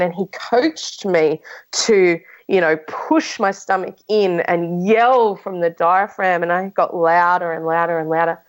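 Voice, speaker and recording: A woman's voice: lowish voice, a little slow, low-quality recording. A woman speaking as a podcast guest, telling her own story frankly in casual conversation, with many restarts and fillers.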